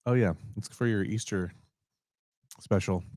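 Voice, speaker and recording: A man co-hosting a podcast, chatting casually in a relaxed, rambling way and often correcting himself. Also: lowish voice, a little slow, no echo, studio quality. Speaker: podcast co-host. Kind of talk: casual chat.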